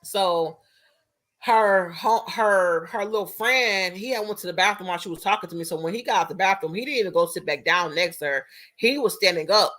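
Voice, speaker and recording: A young woman, telling a casual storytime story in an animated, profane, chatty way. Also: fairly low pitch, brisk.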